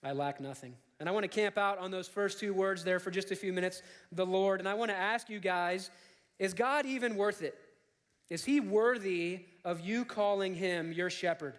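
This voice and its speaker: High-voiced pastor preaching in a church hall. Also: male voice, steady tone, moderate pace. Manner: casual, jokey preaching with audience questions. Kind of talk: sermon. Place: church sanctuary.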